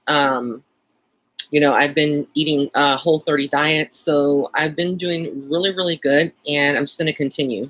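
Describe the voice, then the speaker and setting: A man from Texas with a Texan accent and a slightly high, fairly bright voice hosts a casual live-stream chat. He rambles along with plenty of fillers and light, easy laughs.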